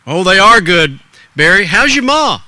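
A man voicing a kindly grocery store owner who talks in a friendly, gently coaxing way. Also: high-pitched, sing-song, a little slow, no room sound, pitched above the performer's own voice, heavily acted.

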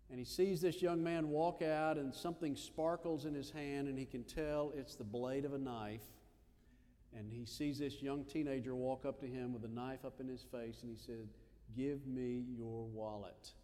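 A man preaching a sermon, telling a story in a lively, animated way with little asides. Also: medium pitch, long reverb tail. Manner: animated storyteller, acts out voices in quotes.

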